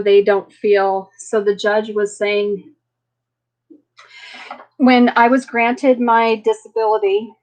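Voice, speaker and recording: A woman hosting a casual live chat, talking in an earnest, halting way and often circling back on herself. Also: medium pitch, rough recording. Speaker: livestream host.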